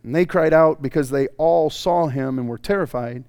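A male pastor delivering a sermon in a fairly high voice, recorded close and dry with almost no room sound. He tells stories with animated swings between loud, bright bursts and low, hushed stretches. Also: normal speed, smooth, dry recording.

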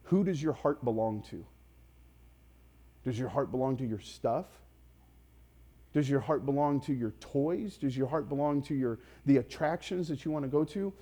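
A man's voice: medium pitch, normal speed, pauses often. Impassioned male pastor preaching. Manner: impassioned, rising to loud emphatic peaks; direct questions to the congregation. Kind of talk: sermon.

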